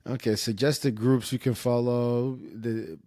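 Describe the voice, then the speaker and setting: A man's voice: mid-range voice, fairly even intonation, a little slow, mellow, no echo, clean studio sound. A man streaming casual commentary in a rambling, self-interrupting way, often trailing off and restarting.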